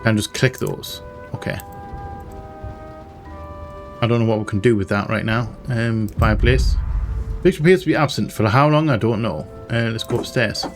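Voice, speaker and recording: A gaming channel host with a lowish voice offers casual let's-play commentary at a moderate pace, often pausing as he thinks aloud. He reads in-game text and adds wry asides, with game music playing behind him.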